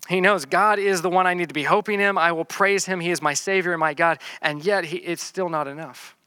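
A man with a bright, forceful voice preaches through a psalm, reading the verses slowly before explaining them. His delivery is earnest and plain, with frequent repeated words and restarts. The sound is dry and close, pitched a little high for a man. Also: fairly even intonation, clean tone, dry recording. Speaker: pastor. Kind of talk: sermon teaching through a psalm.

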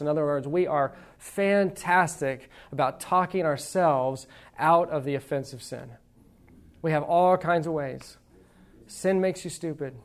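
A preacher delivering a sermon in an easy, conversational manner, asking the congregation questions and reading old quotations aloud with weight. Wry, playful asides break up the teaching. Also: medium pitch. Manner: reads quotations aloud with emphasis.

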